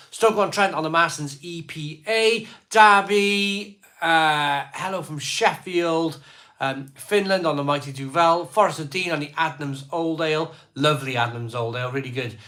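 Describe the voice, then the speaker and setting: A man hosting a casual live stream, rattling off viewers' places and beers in quick lists as he reads their comments. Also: a little high, pushed and bright.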